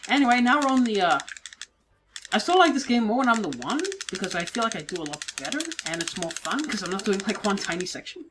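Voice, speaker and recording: A woman giving casual, self-mocking let's play commentary, swearing and moving around her mic so her level swings between yelling and mumbling. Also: medium pitch, expressive, quick pace, noisy background. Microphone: desk mic, moves around it while playing.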